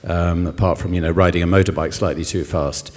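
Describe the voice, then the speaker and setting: Deep-voiced novelist in a hall. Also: male voice, steady tone, a little fast, darkish tone. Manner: thoughtful, hesitant with many ums. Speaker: novelist guest. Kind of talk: literary festival conversation. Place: concert hall on stage. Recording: long hall reverb.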